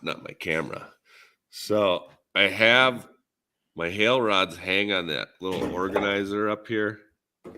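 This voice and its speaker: A man's voice: low-pitched, bright, forceful tone. A man with a Minnesotan accent in a laid-back, rambling, jokey podcast chat, talking shop as a dent repair technician. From Minnesota, USA.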